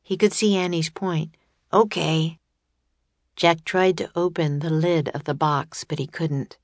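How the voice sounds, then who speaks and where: Female audiobook narrator, lower voice, dry close sound, storybook reading. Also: steady tone, normal speed, no room sound.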